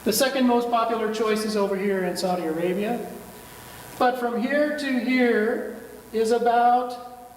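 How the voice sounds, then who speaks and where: Slow, high-voiced man preaching in a hall. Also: a little hiss or hum. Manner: storytelling, conversational, asks the congregation questions. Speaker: minister. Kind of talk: sermon with map. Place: church hall. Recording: long reverb of a church hall.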